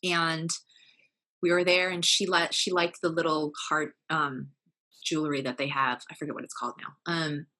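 A woman appears as a podcast guest, candidly sharing personal family stories in an earnest, open way, with many fillers and self-corrections. Her deep voice is bright and forceful, delivered flatly at a moderate pace.

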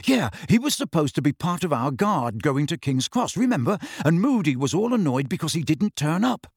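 A man voicing a serious, brooding teenage schoolboy wizard in a low, intent voice in a storybook reading. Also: big pitch swings, moderate pace, slightly rough, dry recording, clean studio sound, full character voice.

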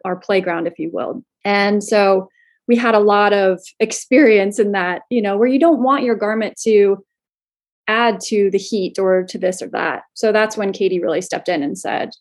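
A woman from Florida talks about starting her clothing line in a relaxed interview. Her pitch sits in a middle range, and she tells her stories in a loose, animated way, full of fillers and quick laughs. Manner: chatty, animated, laughs often, many fillers. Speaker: clothing brand co-founder. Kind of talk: casual interview storytelling.

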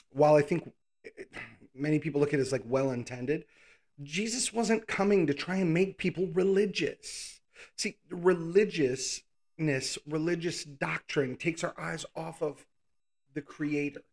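A pastor preaching in a casual, conversational way, reading scripture and pausing to think aloud with informal asides. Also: male voice, a little high. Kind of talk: conversational sermon, Bible teaching.

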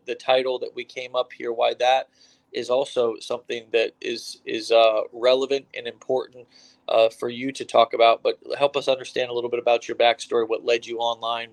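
A man's voice: mid-range voice, creaky. A man from the United States hosting an online interview over the phone, upbeat and chatty with lots of fillers and restarts. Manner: energetic, hype opening, many fillers and restarts. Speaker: host.

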